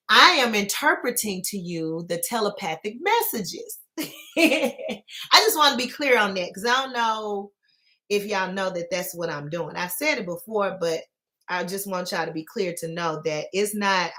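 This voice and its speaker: A woman's voice: mid-range voice, bright, forceful tone. A woman vlogging as a dream interpreter, talking loosely and earnestly to her viewers and often calling them y'all. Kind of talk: casual talk to camera.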